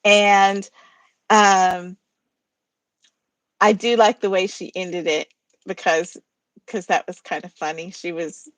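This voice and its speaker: A woman's voice: on the low side, level tone, slow pace, long pauses, no echo. Chatty woman hosting a poetry reading. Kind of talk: casual chat about poems.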